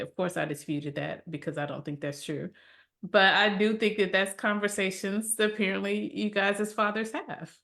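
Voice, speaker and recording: A woman co-hosting a casual podcast discussion, teasing and quick, laughing often as she talks. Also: medium pitch, creaky, a bit bright. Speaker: co-host.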